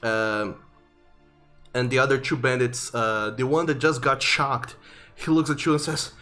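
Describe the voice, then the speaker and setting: A man narrating a tabletop game as game master, vivid but halting, with many fillers. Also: medium pitch, steady tone, pushed and bright, soft background music.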